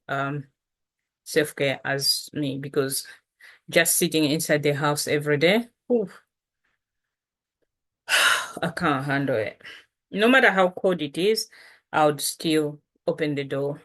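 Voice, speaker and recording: Low-voiced woman teaching casually. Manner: relaxed, chatty, slow after lunch. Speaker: language teacher. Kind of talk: casual language lesson.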